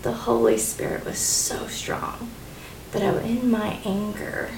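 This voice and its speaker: A middle-aged woman co-hosting a casual faith talk, telling a personal story in an animated way and laughing often. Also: medium pitch, takes it slowly, vocal fry, slight background noise. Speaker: co-host. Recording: echoey room.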